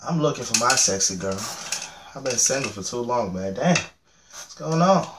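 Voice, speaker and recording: A young man reacting to a music video, joking, swearing freely and getting loudly excited. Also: mid-range voice, moderate pace, a little hiss or hum. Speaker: reaction channel host. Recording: echoey room with music playing. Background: music video playing loudly.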